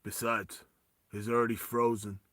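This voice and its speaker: A man doing an impression of a gruff male action star leading a squad. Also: medium pitch, flat delivery, normal speed, a bit bright, no echo, clean studio sound, pitched below the performer's own voice, lightly acted.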